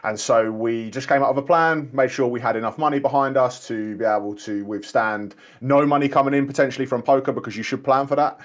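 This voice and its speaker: A man's voice: medium pitch, fairly even intonation, fairly quick, hardly any pauses. A man in his thirties with a London accent, chatting casually as a guest poker player in a loose, rambling way. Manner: laid-back, rambling, says "mate" a lot. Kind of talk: casual chat during an online game.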